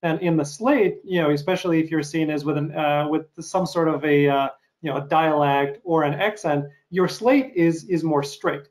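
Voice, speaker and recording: A man hosting a casual interview, pausing to explain a point and ask his guest a clarifying question. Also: on the high side, a little mellow. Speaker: interview host.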